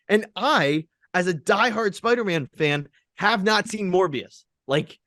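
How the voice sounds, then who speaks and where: A man's voice: high-pitched, expressive, measured pace, a bit bright, no room sound, clean studio sound. A man co-hosting a podcast, talking in an emphatic, casual way and swearing freely. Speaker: podcast co-host. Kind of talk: casual chat.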